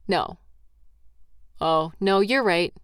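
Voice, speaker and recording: A woman's voice: fairly low pitch, very slow, a bit bright, clear, resonant tone, no room sound, clean studio sound. A woman in a comfort role-play who is tired and yawning, talking sleepily and reassuringly to a partner. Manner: sleepy, reassuring, playful teasing. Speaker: audio role-play performer.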